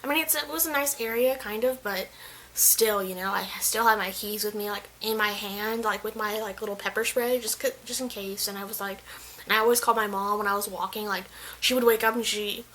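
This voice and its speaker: A woman's voice: mid-range voice, fairly quick, bright, forceful tone, slight background noise, rough recording. A young woman vlogger telling a casual story, chatty and full of "like" fillers. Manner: chatty, filler-heavy, says "like" constantly.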